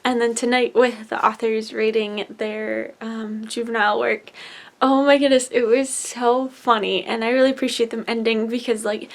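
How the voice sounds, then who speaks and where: A woman's voice: fairly high pitch, fairly even intonation, normal speed. A young woman in her twenties chatting casually in a book vlog from her bedroom, upbeat and full of "like" fillers. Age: 20s. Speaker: book vlogger. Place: bedroom at home. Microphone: camera on the bed.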